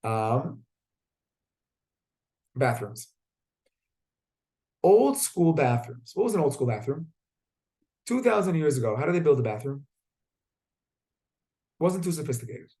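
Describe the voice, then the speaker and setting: Lively teacher with a gravelly voice. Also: male voice, a little high, measured pace, pauses often. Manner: lively, asks the class questions. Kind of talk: classroom lesson with storytelling. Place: classroom.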